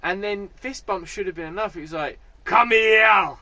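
A man co-hosting a podcast, telling a comic story in a lively, sweary, casual way and laughing as he goes. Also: sits high, a crowd in the background. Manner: animated, sweary, quick to laugh. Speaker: podcast co-host.

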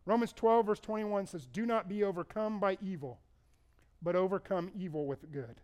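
A man's voice: high-pitched, normal speed, a little mellow. A middle-aged male pastor preaching a sermon in a conversational, storytelling way, repeating words for stress.

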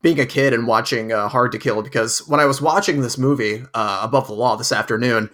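A man's voice: medium pitch, a little fast, a bit bright. Rambling man in casual chat. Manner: rambling, filler-heavy, reflective.

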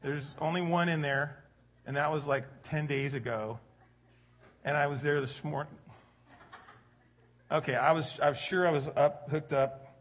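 A middle-aged man preaching a sermon in a relaxed, conversational way, joking with the congregation and rising louder for emphasis. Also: on the high side, measured pace, pauses often. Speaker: pastor.

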